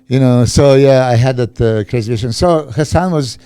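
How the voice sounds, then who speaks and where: A man co-hosting a casual podcast chat as a bodybuilding coach, talking haltingly with many restarts and fillers. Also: medium pitch, dark tone, clean tone, dry recording.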